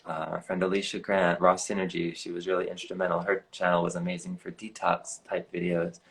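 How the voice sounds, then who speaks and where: A man in his forties telling a personal story in an earnest, animated way, often saying "like", recorded over a live video stream. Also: sits low, fairly quick, poor audio. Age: 40s. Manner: earnest, animated, heavy use of "like". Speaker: guest. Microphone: live video stream on a phone or computer.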